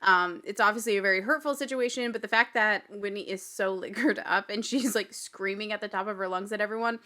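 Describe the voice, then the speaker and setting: A woman's voice: medium pitch, a little fast, pushed and bright. A woman hosting a casual TV recap podcast, chatty and gossipy, often breaking into laughter. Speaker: podcast host.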